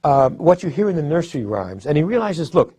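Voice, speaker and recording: Man, literary scholar, husky voice, dry close sound, hesitant restarts, emphatic stresses. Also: fairly high pitch, big pitch swings, a little fast, mellow, no echo. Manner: thoughtful, with frequent restarts and hesitations. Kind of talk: explanatory lecture talk.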